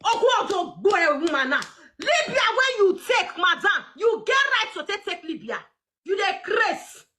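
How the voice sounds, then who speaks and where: A young adult woman with a Nigerian Pidgin English accent, ranting loudly on a live stream, mocking and often shouting and laughing. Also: very high voice, sing-song, moderate pace, hardly any pauses.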